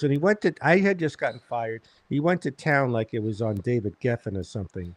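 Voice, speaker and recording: Brief: deadpan male comic, animated pitch swings, dry close sound. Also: normal speed, no echo. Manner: deadpan, exasperated storytelling. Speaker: comedian, show host. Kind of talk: casual chat and anecdotes.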